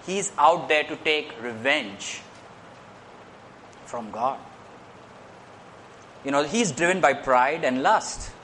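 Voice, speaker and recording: A man's voice: on the high side, animated, slow pace, long pauses, pushed and bright, slight background noise. Earnest male preacher with rising emphasis. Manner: earnest, rising in emphasis on key points, repeats phrases. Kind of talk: sermon.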